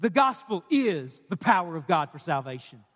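A man's voice: high-pitched, very animated, moderate pace, fairly bright tone. A man preaching a sermon to a congregation, urgent and emphatic. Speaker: pastor. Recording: live hall with long reverb.

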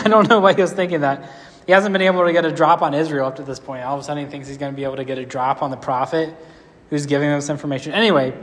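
A man preaching a casual storytelling sermon, conversational and relaxed, with playful asides. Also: on the high side, in a large hall.

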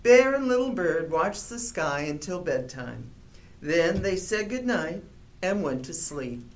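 A woman reading a children's picture book aloud in a gentle, expressive storytelling manner. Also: lowish voice, a little slow, slight background noise. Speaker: storybook reader.

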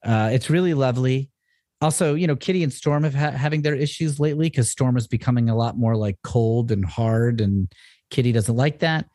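A man co-hosting a comics podcast, sounding wry and joking as he recaps the plot. His middle-pitched voice is recorded dry and close, with no room sound. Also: a little fast, dark tone, no echo. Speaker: podcast co-host. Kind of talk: casual comics discussion.

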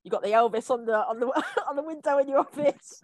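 A woman's voice: sits high, brisk, no room sound. A woman interviewing a guest casually, asking encouraging questions.

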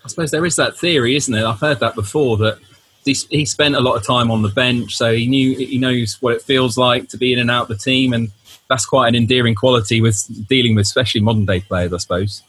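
A man's voice: medium pitch, fairly even intonation, fairly quick, a bit bright, husky. A man co-hosting a casual podcast, musing in an easygoing way. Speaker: podcast co-host.

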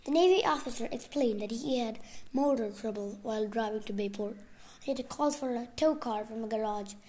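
A woman's voice: a little high, fairly quick, dark tone. A woman reading a novel aloud casually, sometimes stumbling and restarting words. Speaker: reader.

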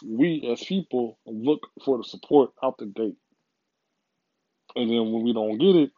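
A man's voice: mid-range voice, unhurried, pauses often, no echo, muffled recording. A man giving a casual, rambling motivational monologue, profane and full of repeats.

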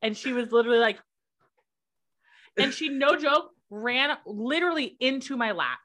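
A young woman co-hosting a podcast, telling stories in a lively, chatty way and acting out what others said. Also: high voice, moderate pace. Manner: animated storyteller who acts out quotes. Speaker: podcast co-host. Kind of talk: casual chat.

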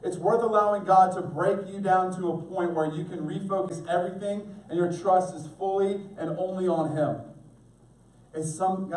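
A man's voice: fairly high pitch, a little mellow. A middle-aged male pastor preaching an earnest sermon, speaking directly to his congregation. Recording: echoey room, mic at a distance.

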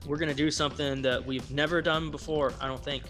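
A man's voice: a little high, fairly even intonation, quick pace, fairly bright tone, soft background music. A man from Virginia co-hosting a podcast, playful and teasing in casual chat. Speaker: podcast co-host.

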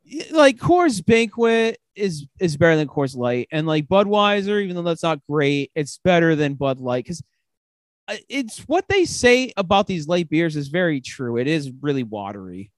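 A man's voice: on the high side, sing-song, normal speed, dry recording. A man hosting a podcast, chatting casually while drunk, swearing and laughing often, his words loose and slurred. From United States. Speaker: podcast host. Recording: dry close mic, lo-fi podcast audio.

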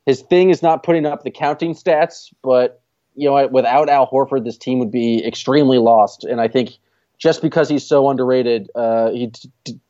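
A man co-hosting a casual sports podcast, talking in a relaxed, easygoing way with frequent pauses to think. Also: medium pitch, no room sound, muffled recording. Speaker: podcast co-host.

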